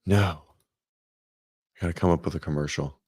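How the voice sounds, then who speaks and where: A man's voice: low-pitched, fairly even intonation, normal speed, a little mellow, breathy edge, no room sound, studio quality. A man hosting a casual morning fitness livestream from home, chatting loosely, greeting viewers by name and rambling as he goes. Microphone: desk microphone.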